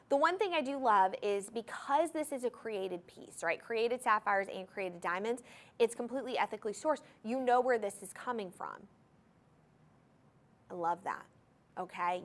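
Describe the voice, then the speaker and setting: Her voice a little high, a shopping channel host gushes over jewelry live from a TV studio. She speaks straight to the viewers with enthusiasm, repeating item numbers and key phrases for emphasis.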